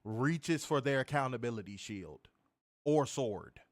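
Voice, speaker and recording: A man's voice: mid-range voice, lively intonation, a little slow, no echo, clean studio sound. Exasperated man ranting a wrestling review. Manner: exasperated, profane, sarcastic, addresses listeners as y'all. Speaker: podcast co-host reviewing wrestling.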